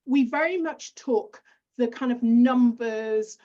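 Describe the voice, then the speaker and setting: A middle-aged woman with a British accent hosts a podcast, her voice sitting fairly high and coming through dull, lo-fi audio. She asks her questions with enthusiasm. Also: slow, warm tone. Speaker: podcast host. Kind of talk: podcast interview.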